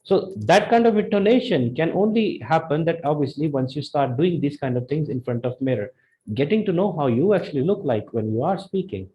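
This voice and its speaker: A young man with an Indian accent teaching a spoken English lesson, animated and jumping his pitch up and down to show intonation. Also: fairly quick, muffled recording. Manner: animated, demonstrates intonation with sudden pitch jumps. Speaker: English speaking tutor.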